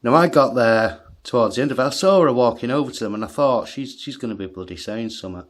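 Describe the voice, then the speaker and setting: This is a man, speaking at an ordinary middle pitch. He tells the story as a heated monologue for his channel, swearing freely. He breaks into amused laughter at his own outburst. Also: fast. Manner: agitated, swears heavily, laughs at himself. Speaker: vlogger.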